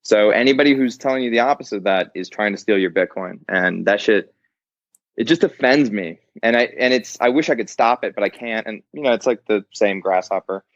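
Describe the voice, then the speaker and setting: A man's voice: fairly low pitch, a little fast, no room sound. A man talking as an interview guest in casual chat, blunt and profane, laughing often. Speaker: podcast guest. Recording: dry, dull lo-fi sound.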